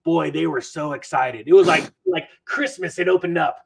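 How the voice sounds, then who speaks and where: Male finance creator, podcast guest, expressive and self-deprecating, upbeat chatter. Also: a little high, moderate pace, vocal fry, husky, rough recording. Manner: animated storyteller, jokey and self-mocking. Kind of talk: casual podcast chat.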